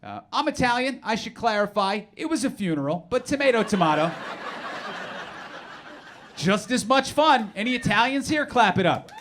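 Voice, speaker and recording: A middle-aged man with a fairly high voice performs stand-up on a club stage. He talks in a sarcastic, animated way full of mock-outraged asides. The live recording carries clear audience noise behind him. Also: fairly quick. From New Jersey. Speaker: stand-up comedian. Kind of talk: stand-up comedy set.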